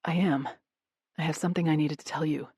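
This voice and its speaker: A woman voicing an earnest young man in love, speaking softly in an audiobook. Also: sits low, steady tone, a little fast, husky, no room sound, clean studio sound, heavily acted. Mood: tender. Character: adoring young man, tender and frank.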